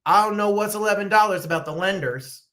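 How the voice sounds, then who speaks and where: A woman's voice: mid-range voice, fast talker. A woman from New Jersey hosting a casual chat, telling rambling stories and reading viewer comments while eating. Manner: animated, chatty, rambling storytelling.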